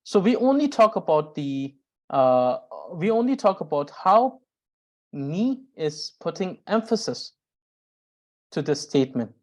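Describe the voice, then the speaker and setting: A woman teaching Tibetan grammar as a lesson, explaining carefully and often repeating and rephrasing her points with frequent pauses. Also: fairly low pitch, very animated.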